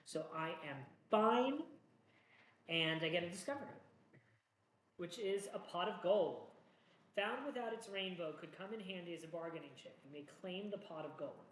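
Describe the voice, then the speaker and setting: A man's voice: high-pitched, expressive, normal speed, a bit bright. A man hosting a solo board game playthrough, chatting through each move in a jokey, self-mocking way. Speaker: solo board game player and channel host. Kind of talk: casual playthrough commentary. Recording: echoey room with faint noise.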